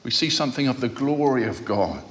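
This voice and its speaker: A man preaching a sermon, speaking in a measured way and repeating phrases for emphasis. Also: medium pitch, animated, fairly bright tone, slight background noise. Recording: long hall reverb.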